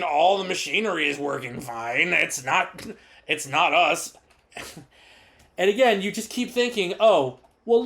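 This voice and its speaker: Male podcast co-host, high-pitched and animated, swears freely while recapping. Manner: profane, animated, mocking quotes in high put-on voices. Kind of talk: casual recap chat.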